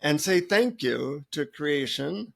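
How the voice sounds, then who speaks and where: A man guest on a podcast telling a funny story in an animated way. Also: fairly high pitch, slow pace, creaky. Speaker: guest, author.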